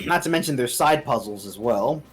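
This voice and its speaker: A man's voice: medium pitch, lively intonation, normal speed, faint music behind. A man chatting on a live game stream and coaching his friend. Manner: teasing, coaching. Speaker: co-player on stream. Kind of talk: casual live-stream chat.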